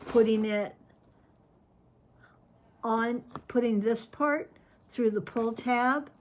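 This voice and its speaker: Slow, gushing woman opening fan mail. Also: on the high side. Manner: gushing and excitable, talks to her cat and viewers; slow, chatty, trails off mid-sentence. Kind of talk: casual chat to camera.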